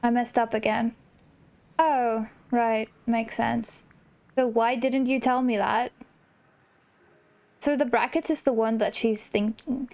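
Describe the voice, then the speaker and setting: A woman's voice: on the high side, steady tone, slow, pauses often, darkish tone. A young woman hosting a gaming channel, chatting casually and muttering self-mocking asides while playing. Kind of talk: casual gameplay commentary.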